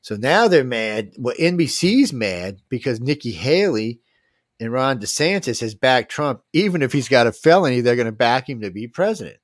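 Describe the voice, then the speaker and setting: A man's voice: medium pitch, very animated, normal speed, no echo. Brief: middle-aged man, talk host, boastful rambling rant, close dry mic. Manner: rambling, boastful, swearing, with frequent restarts. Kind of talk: casual talk podcast rant.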